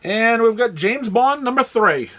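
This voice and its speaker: A man with a New England accent and a high voice talks casually through a shop's new arrivals. He rambles, trails off and restarts his phrases, with plenty of ums along the way. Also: lively intonation, unhurried, sharp tone. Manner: rambling, with frequent fillers and restarts. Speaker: comic shop host. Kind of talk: casual product rundown.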